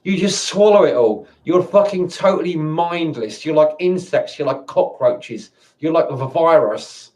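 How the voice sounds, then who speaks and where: A man's voice: fairly high pitch, lively intonation, unhurried, a little mellow. A man ranting angrily to camera, swearing and stumbling over his words with many restarts. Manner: angry, swearing, stammering restarts. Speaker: vlogger. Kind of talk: angry ranting monologue.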